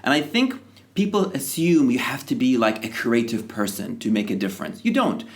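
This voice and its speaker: A male podcast host telling a personal story in a relaxed, conversational way. His voice sits at a medium pitch. He livens the telling by acting out the lines of the people in his anecdote. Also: moderate pace. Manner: animated anecdotes with acted-out quotes.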